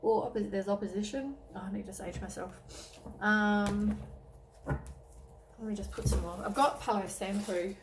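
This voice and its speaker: A woman's voice: mid-range voice, measured pace, background noise. Tired woman giving a chatty tarot reading. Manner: chatty, rambling, many "um"s and self-corrections. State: tired, keeps yawning. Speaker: tarot reader. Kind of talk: casual tarot reading to camera.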